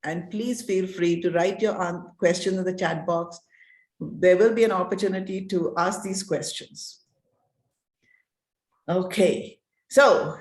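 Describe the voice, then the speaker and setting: A woman's voice: lowish voice, a little slow, echoey room, rough recording. A woman moderating an online panel discussion over a video call, upbeat and coaxing.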